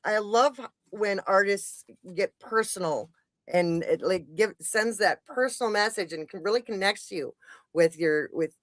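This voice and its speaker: A woman's voice: mid-range voice, no room sound. Woman podcast host, gushing, eager, rambling, dry close sound. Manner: gushing, enthusiastic, rambling with restarts. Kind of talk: casual interview chat.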